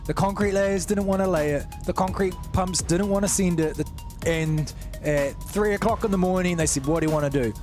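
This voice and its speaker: A man giving excited live commentary on a sim-drifting final. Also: sits high, moderate pace, soft background music. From New Zealand. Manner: excitable, rising into near-shouted calls.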